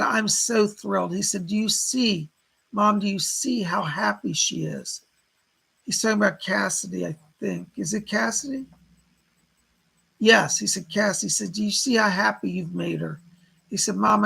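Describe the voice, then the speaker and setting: A man with a husky voice giving live psychic readings, passing on spirit messages as quotes and thanking donors by name. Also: sits high, sharp tone, poor audio. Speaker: psychic medium.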